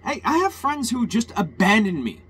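A man's voice: high voice, huge pitch swings, moderate pace, a bit bright, slight background noise. A man ranting in a heated, rambling personal monologue, swearing often and restarting his sentences.

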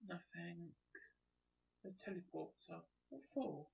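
A gamer giving chatty, excitable let's play commentary, thinking aloud as they explore. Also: mid-range voice, takes it slowly, vocal fry, breathy edge. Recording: dull lo-fi recording.

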